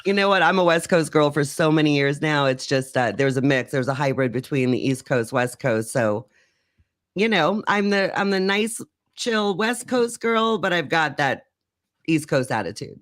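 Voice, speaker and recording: A woman's voice: deep voice, lively intonation, normal speed, no room sound, studio quality. A woman who works as a rock radio DJ, chatting as a guest in a bubbly, storytelling way. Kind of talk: casual radio interview chat.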